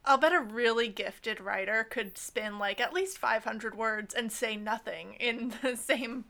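Bright-voiced woman co-hosting a podcast. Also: a little high, measured pace, gravelly. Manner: laughs often, leads the segment. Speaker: podcast co-host. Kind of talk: casual podcast chat.

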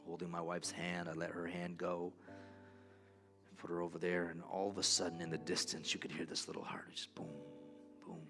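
A pastor preaching a sermon in a church, telling a personal story in an earnest way. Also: male voice, sits low, monotone, a little fast, vocal fry, music in the background.

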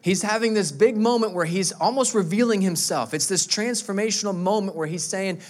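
A male pastor who preaches an animated, emphatic sermon and often repeats words. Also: sits high, a little fast, hardly any pauses.

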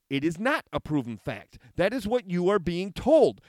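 A man's voice: high-pitched, big pitch swings, moderate pace, a little mellow, dry recording, studio quality. A middle-aged man giving a heated, argumentative monologue, reading out a letter and rebutting it with sarcasm. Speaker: commentator reacting to a letter.

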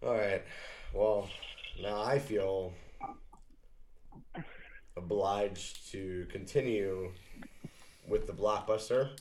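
Man, very deep voice, podcast co-host, casual film talk, hesitant, lots of fillers. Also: extremely slow, pauses often, darkish tone, a little hiss or hum. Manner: rambling, hesitant, with many fillers. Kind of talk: casual movie chat.

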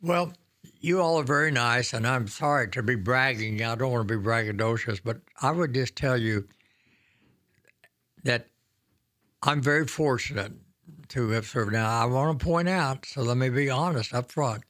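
A man in his nineties from Oklahoma spins folksy, self-deprecating stories from his years in office. His voice sits at an ordinary middle pitch, and the sound is dry and close with no room around it. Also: normal speed, fairly bright tone, dry recording. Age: 90s. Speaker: former governor, guest. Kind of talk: storytelling reminiscence.

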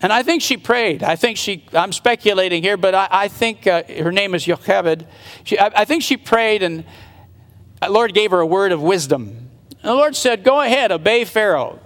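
A man with a high, fairly bright voice preaches a sermon at normal speed, earnestly retelling a Bible story and speculating aloud about what happened. The recording carries the long reverb of a large hall.

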